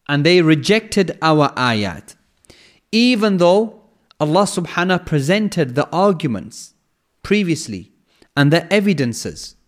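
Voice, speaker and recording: A man teaching scripture with a slightly raised pitch. He lays out each point in measured steps and repeats key phrases for emphasis. He breaks into quick Arabic recitation between his explanations. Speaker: Quran lecturer. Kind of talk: explanatory religious lecture.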